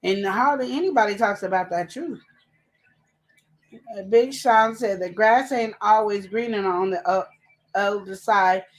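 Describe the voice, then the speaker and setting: A woman co-hosting a live relationship advice show, chatting casually and fast, full of energy. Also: mid-range voice. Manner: chatty, animated, talks fast and laughs.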